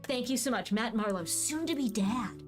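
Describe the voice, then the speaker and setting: A woman reading out a game email as an excited young expectant father, and he comes out sounding like a valley girl. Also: a little high, moderate pace, faint music behind, natural voice. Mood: eager. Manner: reads an in-game email aloud in a light voice.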